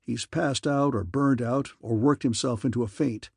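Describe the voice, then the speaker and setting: A man reading a big, tough young male pilot who talks in a flat, gritty, blunt way. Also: medium pitch, normal speed, gravelly, breathy edge, no echo, clean studio sound. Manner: toneless, gritty.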